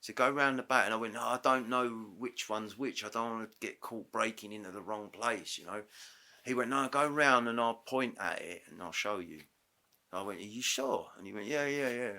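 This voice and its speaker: Male interview guest, fairly low voice, bright tone, animated storyteller who acts out conversations. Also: moderate pace. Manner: animated, re-enacts dialogue with self-corrections. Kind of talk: casual storytelling. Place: podcast studio.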